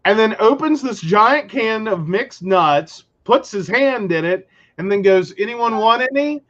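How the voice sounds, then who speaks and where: A man co-hosting a talk show, chatting casually and telling stories with lively quoted dialogue. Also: sits high, measured pace, muffled recording. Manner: animated storyteller who acts out quotes. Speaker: podcast co-host. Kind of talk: casual chat.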